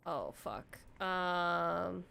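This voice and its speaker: A young woman giving casual commentary while she plays an online game. She is excitable, swears freely and thinks aloud as she goes. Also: on the low side, very slow, gravelly, smooth. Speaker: streamer playing an online game.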